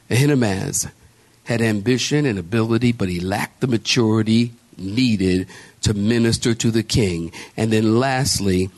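A man preaching a sermon as pastor, emphatic and calling out to his congregation with repeated exhortations. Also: fairly low pitch. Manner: calls out to the congregation.

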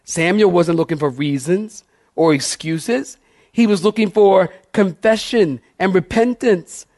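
A man's voice: high-pitched, measured pace, a little mellow, dry recording, studio quality. A middle-aged male pastor preaching a sermon, passionate and emphatic, calling on the congregation to respond.

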